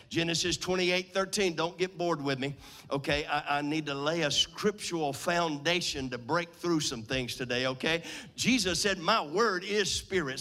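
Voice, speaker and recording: A man preaching a sermon in a church with a nasal voice, preaching emphatically and urging the crowd to shout back. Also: high voice. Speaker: pastor.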